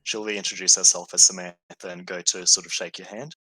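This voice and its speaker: A man with a lowish, bright, tense voice narrates a tabletop game as game master. He talks in an easygoing way, full of fillers, recorded close and dry. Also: flat delivery, brisk, slightly rough, no room sound, poor audio. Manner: hesitant, many fillers, easygoing.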